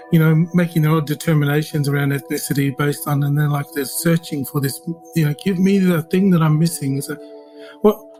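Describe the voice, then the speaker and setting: A man rambles through anecdotes with plenty of fillers and slips into the voices of the people he quotes. His voice sits a little high for a man, and soft music runs beneath him. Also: poor audio. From Australia. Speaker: interview guest. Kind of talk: casual anecdotal storytelling.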